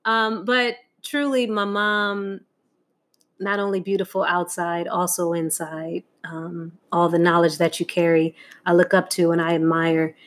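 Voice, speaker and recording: A woman's voice: fairly low pitch, little pitch movement, unhurried. A middle-aged woman telling a heartfelt personal story about her mother, candid and laughing often. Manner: candid, laughing often, acting out quoted voices. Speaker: guest sharing a Mother's Day tribute.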